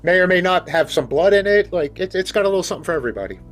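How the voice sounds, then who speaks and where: A man's voice: sits high, lively intonation, racing, faint music behind. A man hosting a podcast, casual and joking, with wry asides. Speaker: podcast host.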